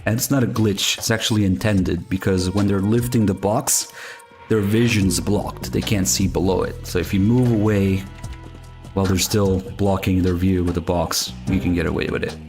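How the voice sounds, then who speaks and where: A man's voice: low-pitched, steady tone, moderate pace, a little mellow. A man in his thirties with an Italian accent, wry and chatty as he comments on his game and laughs often. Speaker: game streamer. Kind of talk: casual gameplay commentary. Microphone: desk mic with compressor. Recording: game music behind.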